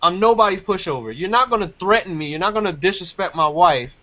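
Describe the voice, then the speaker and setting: A man's voice: sits high, lively intonation, quick pace, bright, forceful tone. A man telling a story in casual talk, emphatic and repeating his phrases. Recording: dull lo-fi sound.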